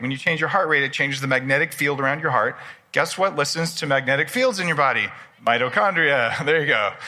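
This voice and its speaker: At a personal development expo, a man in his forties addresses a live crowd, enthusiastic and conversational, trading jokes with the audience. He sounds bright and forceful, with a voice on the high side.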